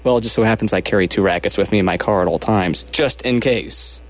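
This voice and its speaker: A young man casually telling a funny personal anecdote, animated and self-mocking, slipping into the voices of the people in it. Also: fairly low pitch, fast. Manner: animated, self-mocking, acts out quoted lines.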